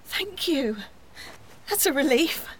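A woman's voice: sits high, lively intonation, slow pace, fairly bright tone, slight background noise, exaggerated voice. A woman playing a fussy, indecisive colleague in a comedy sketch, questioning and indignant. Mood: fretful.

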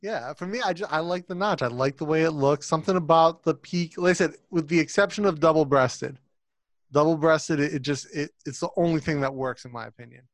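An easygoing man co-hosting a casual podcast, with a slightly high voice. He speaks in a relaxed, somewhat halting way. The sound is dry and close. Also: no echo. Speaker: podcast co-host. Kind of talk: casual chat.

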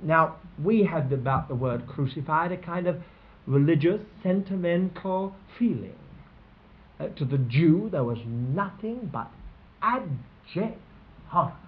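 A man's voice: fairly high pitch, expressive, measured pace. A man preaching a sermon, earnest and emphatic, his voice rising on exclamations. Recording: tinny lo-fi sermon recording.

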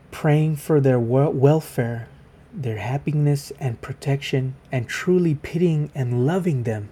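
A man's voice: medium pitch, warm tone, slightly rough. A man giving a casual Bible devotional video, reading scripture aloud and then explaining it in a conversational way.

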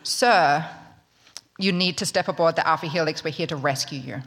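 A man's voice: on the high side, normal speed, a bit bright, long reverb tail. A woman voicing a stern male first mate who orders a man to come aboard. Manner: stern, commanding.

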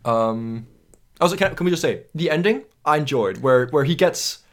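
A young man with a Danish accent chats about films on a podcast. His voice is fairly high and swings widely as he tells animated stories. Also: normal speed. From Denmark. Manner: animated storyteller, swears casually. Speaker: podcast co-host. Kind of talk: casual film review chat.

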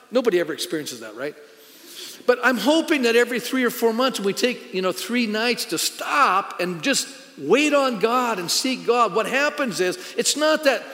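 A man's voice: high-pitched, a bit bright, in a large hall. A middle-aged man, a pastor, preaching a sermon in a conversational, storytelling way with emphatic punches.

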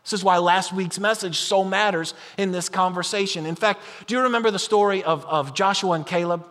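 A man preaching a sermon in an animated, conversational way, acting out imagined voices of his listeners. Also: high voice, fairly quick, big-room sound. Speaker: pastor.

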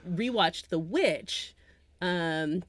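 A woman co-hosting a podcast, chatting casually about films, animated and often laughing as she trails off into asides. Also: fairly low pitch, extremely slow, dry recording. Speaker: podcast co-host. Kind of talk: casual film chat.

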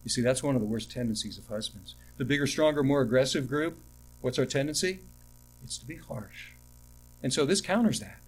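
A middle-aged man preaching a sermon, with animated emphasis that drops to quiet asides and personal stories told with restarts. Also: medium pitch, a little fast, a little hiss or hum. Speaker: pastor.

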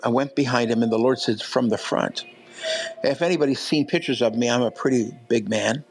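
A man's voice: mid-range voice, a little fast, creaky, slight background noise, low-quality recording. A big man preaching, telling stories conversationally with many fillers and restarts. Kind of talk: sermon storytelling.

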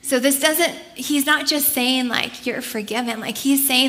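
Woman preacher, bright and a bit high, earnest, conversational sermon delivery. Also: measured pace, hardly any pauses, slight background noise.

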